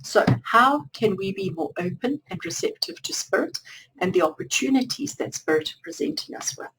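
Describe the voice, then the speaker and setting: A woman's voice: sits high, sing-song, moderate pace, creaky, a bit bright, slightly rough, poor audio. A woman giving a spiritual tarot reading to viewers, repeating phrases in long chains. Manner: repetitive, lists phrases in chains. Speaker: tarot card reader.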